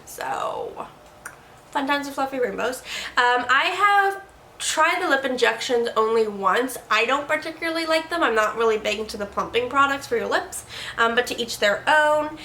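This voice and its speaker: Woman vlogger rambling about makeup at her desk, kinda high bright voice, echoey room. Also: expressive, normal speed, slight background noise. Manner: chatty, rambling, trips over words. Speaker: beauty vlogger host. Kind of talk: casual product review chat.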